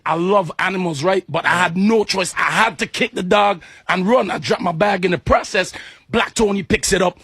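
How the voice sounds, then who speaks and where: A man's voice: high voice, normal speed, a bit bright, slightly rough, no echo, clean studio sound. A man who works as a club DJ telling an aggrieved story on a radio show.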